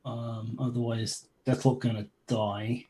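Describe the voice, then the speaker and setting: An easygoing man runs a tabletop game, calling rolls and results. His voice sits at an ordinary middle pitch, and he apologizes lightly when the dice go badly. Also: little pitch movement, takes it slowly, mellow, rough recording. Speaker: game master.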